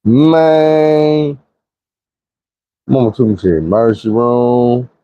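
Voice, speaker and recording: Young guy telling a wild story, profane and animated, dry close sound. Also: mid-range voice, slow pace, dry recording, highs cut off. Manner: vivid, profane retelling with shouted quotes. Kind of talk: casual storytime monologue.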